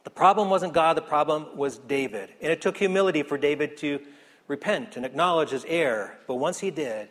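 A man preaching a sermon as pastor in a church, earnest, rising to emphasis then dropping soft. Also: a little high, lively intonation, brisk. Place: church sanctuary. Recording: echoey hall.

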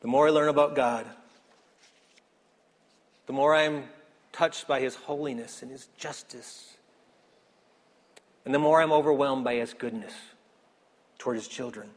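A man preaching a sermon as pastor in a church, earnest, rising to emphasis then dropping soft. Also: mid-range voice, steady tone, measured pace, pauses often. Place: church sanctuary. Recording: echoey hall.

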